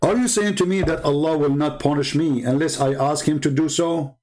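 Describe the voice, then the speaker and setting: A man with a fairly high-pitched voice hosts a show in a heated, one-man monologue. His tone is mocking and sarcastic throughout. He presses his points with combative rhetorical questions. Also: brisk, darkish tone. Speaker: show host. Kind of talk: monologue commentary.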